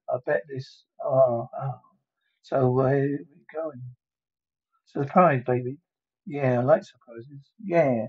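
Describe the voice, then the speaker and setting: A man's voice: mid-range voice, slow pace, slightly rough, lo-fi sound. A man reading a whole movie script aloud alone, voicing every part and calling out the sound effects himself. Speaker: solo reader of a movie script. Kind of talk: one-man dramatic script reading with spoken sound cues.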